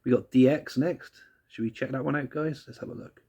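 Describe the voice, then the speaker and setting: A man's voice: medium pitch, steady tone, brisk, mellow, slightly rough. A man casually reviewing music tracks, laid-back and rambling, who laughs often and swears casually.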